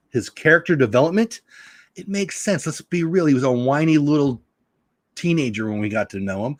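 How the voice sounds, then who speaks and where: A man's voice: mid-range voice, dry recording. Chatty middle-aged man, dry close mic. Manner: animated, chatty, reads chat aloud. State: slight sore throat. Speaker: live show host. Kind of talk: casual live-stream chat.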